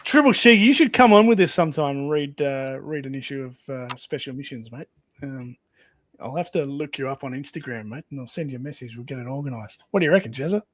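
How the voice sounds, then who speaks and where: A man's voice: medium pitch, a little fast, no echo. A man hosting a casual comic read-along, chatty and laughing often. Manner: chatty, laughs often, voice rises and falls a lot. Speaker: host.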